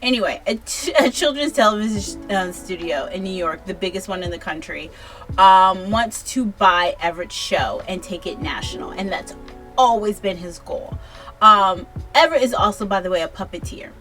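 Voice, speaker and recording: A woman's voice: medium pitch, lively intonation, normal speed, a bit bright, faint music behind. A tipsy woman giving a casual book review, rambling and swearing freely, often restarting her sentences.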